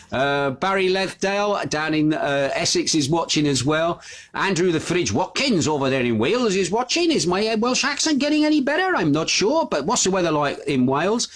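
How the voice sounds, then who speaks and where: A man's voice: fairly high pitch, fairly bright tone. Chatty man hosting a live stream. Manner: chatty, reads viewer names and comments aloud with frequent "uh" fillers. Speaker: host of a live news stream. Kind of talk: casual live-stream news chat. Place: home studio.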